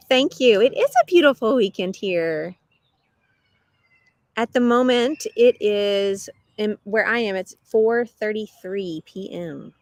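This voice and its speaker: Slow-talking woman streamer reading chat. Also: medium pitch, expressive, no room sound. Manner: chatty, reads viewer comments aloud and answers them; laughs often between remarks. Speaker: English teacher hosting a live stream. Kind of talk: live stream chat with viewers. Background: dogs barking.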